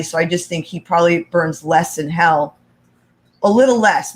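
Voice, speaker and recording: A co-host on a casual live show reading chat comments and rambling crudely with lots of swearing. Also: medium pitch.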